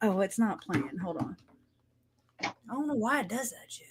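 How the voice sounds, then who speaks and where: A woman's voice: fairly high pitch, animated, moderate pace, a little hiss or hum. A woman chatting casually as a livestream co-host, brash, swearing and laughing often.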